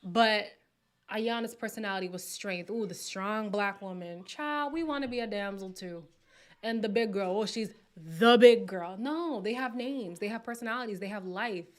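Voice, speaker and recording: A woman hosts a relaxed live stream from home. She chats in a playful, gossipy way, often laughs, and sometimes slips into a whisper. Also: mid-range voice, normal speed. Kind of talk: casual live chat reacting to viewer comments.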